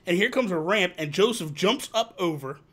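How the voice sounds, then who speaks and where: A man hosting a casual live chat show, telling animated gaming stories and acting out quotes. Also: high voice, normal speed. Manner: animated storyteller, acts out quotes. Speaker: host.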